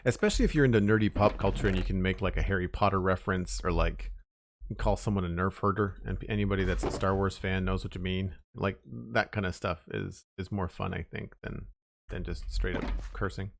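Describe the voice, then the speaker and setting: A man's voice: deep voice, steady tone, a little fast, noisy background. A man streaming a building game and chatting casually with viewers, rambling, with many fillers and restarts. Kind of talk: casual live-stream chat while playing.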